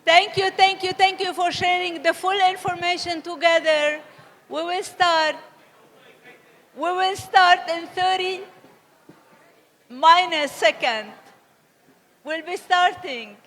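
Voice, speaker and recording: A woman's voice: very high voice, steady tone, slow pace, long pauses, a bit bright. A woman moderating a conference session, introducing the speaker with repeated, effusive thanks. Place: conference hall stage. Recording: large hall reverb.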